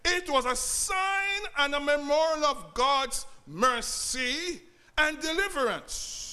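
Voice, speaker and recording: A man with a very high, sharp voice preaches slowly and animatedly to his congregation. He repeats key phrases and calls out to the church.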